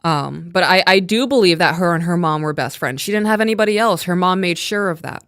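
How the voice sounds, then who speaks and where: A woman's voice: fairly low pitch, a little fast, dry recording, studio quality. A woman co-hosting a live stream, casually breaking down a true-crime case and reading quotes aloud. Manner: reads quotes aloud, animated retelling. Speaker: podcast co-host.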